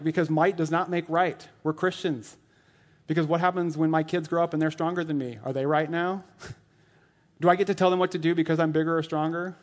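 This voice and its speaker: A man in his thirties who is a lay elder, giving a casual, joking sermon full of fillers. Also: a little high. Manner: chatty and joking, lots of "like", laughs at his own jokes.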